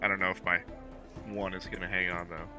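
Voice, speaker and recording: Low-voiced man playing a tabletop game. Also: little pitch movement, a little fast, pushed and bright, soft background music. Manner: hesitant, wry in-character talk. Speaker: player. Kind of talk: tabletop role-play banter.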